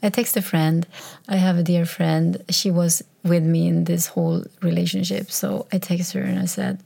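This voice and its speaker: Woman, podcaster, husky voice, mellow, hesitant storytelling, soft whispered asides. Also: fairly low pitch, flat delivery, moderate pace. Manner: hesitant, with restarts and trailing phrases; drops into soft whispers when quoting texts. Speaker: solo podcaster. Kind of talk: casual personal storytelling. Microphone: recording on a microphone.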